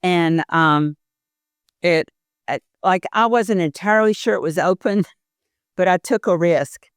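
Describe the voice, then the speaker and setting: An older woman tells animated stories as a podcast guest, jumping into the voices of the people in them. Her voice is smooth and clear. The sound is dry and close to the mic. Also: fairly low pitch, measured pace, no echo. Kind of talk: casual interview chat.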